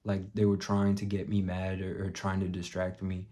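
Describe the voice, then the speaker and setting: A young man vlogging, telling a story bluntly with plenty of swearing and dropping to a hush for his own thoughts. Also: low voice, monotone, normal speed. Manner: profane, blunt, drops to a muttered hush for quoted thoughts. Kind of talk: casual storytelling vlog.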